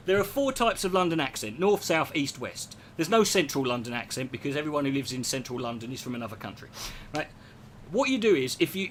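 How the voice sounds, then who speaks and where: A man with a fairly high voice rambles through a comic monologue. He swears freely and jumps between ideas, and he keeps restarting his sentences as he gets animated. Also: slight background noise. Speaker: podcast host.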